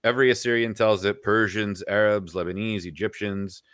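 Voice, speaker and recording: Blunt, rambling man with a low voice. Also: fairly even intonation, normal speed, a bit bright, clean tone, dry recording, studio quality. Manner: blunt, rambling, frequent "you know". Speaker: podcast guest. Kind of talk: casual opinionated chat.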